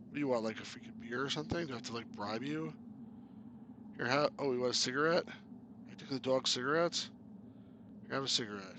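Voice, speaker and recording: A man's voice: medium pitch, fast talker, pauses often, pushed and bright, a little hiss or hum. A man casually commenting on a point and click game as he plays, joking and laughing often. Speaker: game reviewer. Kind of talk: casual let's-play commentary.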